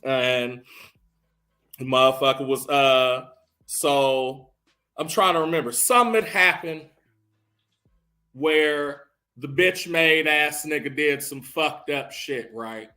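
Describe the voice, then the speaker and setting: A man recapping a movie as casual comedy, telling it in a profane, animated way with rising bursts. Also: fairly high pitch, takes it slowly.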